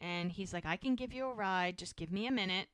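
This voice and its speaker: Woman, podcast co-host, smooth clear voice, dry close sound, chatty scene recap. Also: fairly low pitch, brisk, a bit bright, no echo. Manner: retells scenes quoting characters, chatty. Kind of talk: casual rewatch podcast recap.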